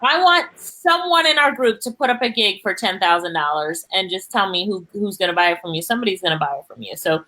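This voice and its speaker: Bright-voiced Jamaican woman hosting. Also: medium pitch, fast talker, few pauses, rough recording. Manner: lively, chatty, laughs often. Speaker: host. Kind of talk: live online interview, reading viewer comments.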